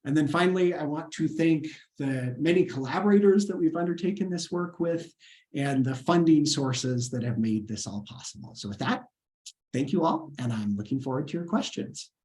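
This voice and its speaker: A man's voice: a little high, expressive, moderate pace, a little mellow. A man, a scientist, giving an earnest lecture over a video call webinar and answering questions, with frequent fillers and restarts.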